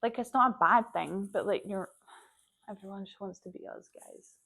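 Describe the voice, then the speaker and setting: A young Scottish woman talks straight to the camera in a relaxed vlog, chatty and a little scattered. She tells stories by acting out what everyone said, and "like" pops up all the time. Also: mid-range voice, normal speed, vocal fry. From Scotland. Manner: animated storytelling, acts out quoted dialogue, frequent "like". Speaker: vlogger.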